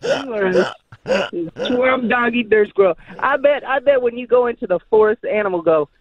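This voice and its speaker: A man's voice: very high voice, expressive, fast, dry recording. A man calling in to a radio show, ranting and hurling insults. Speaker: caller. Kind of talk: call-in rant. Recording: dull phone-in audio.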